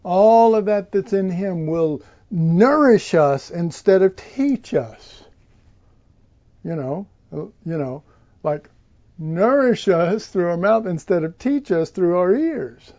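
Unhurried preacher, mellow and warm, rambling Bible teaching, dull lo-fi recording. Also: mid-range voice, expressive. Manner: rambling, many fillers and restarts.

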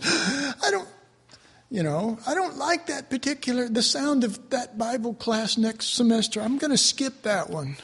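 A man preaching a sermon to his class, animated, swinging between loud outbursts and quiet asides. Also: extremely high pitch, a little slow, long reverb tail. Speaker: preacher teaching a Bible class.

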